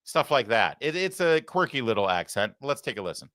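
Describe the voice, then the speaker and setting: A man's voice: mid-range voice, sing-song, brisk, fairly bright tone, a little hiss or hum. A man hosting a live political commentary show, talking in a sarcastic, mocking way into a studio microphone. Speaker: talk show host.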